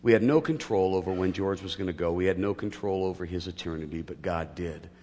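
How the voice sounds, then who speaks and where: A middle-aged male pastor preaching a sermon, telling a personal story with gentle humor before building into emphatic teaching. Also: sits low, fairly quick, long reverb tail, slight background noise.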